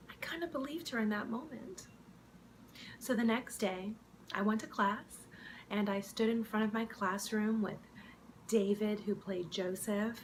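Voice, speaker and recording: A woman telling the story of how she became an actress in an improv comedy mockumentary, wistful and dramatic with soft, hushed asides. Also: mid-range voice, slight background noise.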